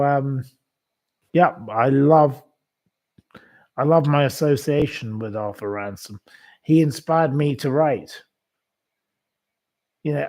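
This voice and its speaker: A man's voice: mid-range voice, darkish tone. A man hosting a live online quiz, chatting casually, rambling and calling out viewers by name. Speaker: livestream quiz host.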